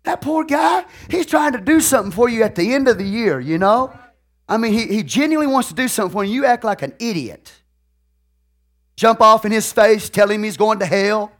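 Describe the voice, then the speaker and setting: The pastor, a man speaking a little fast in a fairly high voice, preaches through folksy stories told with animated energy. He lurches from loud, excited bursts into quiet, confiding asides and keeps checking in with the congregation to see if they're with him.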